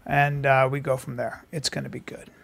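A man co-hosting a casual podcast, loud in his reactions and quick to swear. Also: mid-range voice, little pitch movement, gravelly. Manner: exclamatory, profane. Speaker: podcast co-host and comedian.

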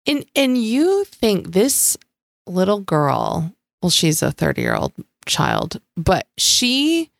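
Slow gravelly-voiced woman co-host. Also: mid-range voice, wildly swooping pitch, no echo, clean studio sound. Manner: blunt, swearing, sarcastic. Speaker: podcast co-host. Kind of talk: casual recap chat.

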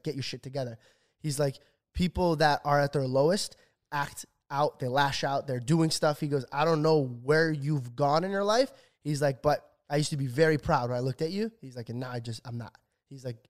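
A young man in his twenties talks fast and loose on a podcast mic, his voice sitting at an ordinary middle pitch. He tells his story with animated swearing and puts on the voices of the people he quotes. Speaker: podcast co-host. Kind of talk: casual podcast chat.

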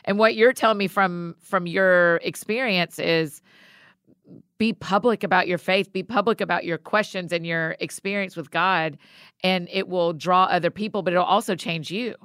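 A woman hosting an interview speaks in a smooth, resonant voice that sits a little low. She thoughtfully sums up her guest's point. The sound is dry and close. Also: steady tone, normal speed, a bit bright, no echo. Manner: reflective, summarizes the guest's words. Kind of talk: interview conversation.

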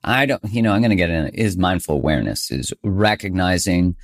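A man's voice: low voice, animated, fairly quick. A man hosting his own podcast, talking in a chatty, self-joking way and laughing often. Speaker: podcast host. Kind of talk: casual podcast monologue.

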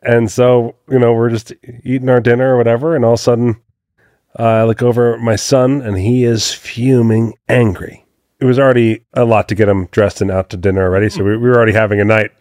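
A man tells a story in casual podcast chat, lively when he acts out quotes. His voice sits in an ordinary middle register. It is recorded close and dry. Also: medium pitch, fast, no echo. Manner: chatty storyteller, animated when acting out quotes.

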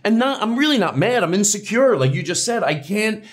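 A male comedian as an interview guest, talking in rambling, animated bursts with restarts and swearing. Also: high voice, brisk. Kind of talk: casual interview chat.

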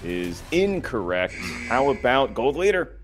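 A man's voice: medium pitch, very animated, a little slow, faint music behind. A man hosting a live trivia quiz with playful banter, counting down answers and teasing the contestants. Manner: playful, jokey, counts down timers. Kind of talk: game show hosting with banter.

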